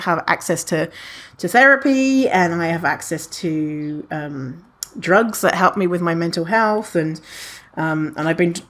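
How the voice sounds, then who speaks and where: A woman hosting a solo podcast in a casual, animated way. She swears freely, laughs often and acts out other people's imagined thoughts. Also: lowish voice. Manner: laughs often at her own remarks. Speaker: podcast host.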